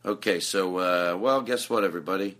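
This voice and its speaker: Speaking a little fast in a deep voice, this podcast host is recording from a hotel room. His casual chat rambles, and he stays animated and full of jokes.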